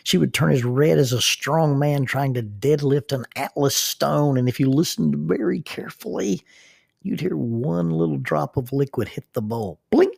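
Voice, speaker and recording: Podcast host: middle-aged man, gravelly, husky, folksy storyteller. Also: medium pitch, darkish tone, no room sound, clean studio sound. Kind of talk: podcast storytelling with sponsor reads.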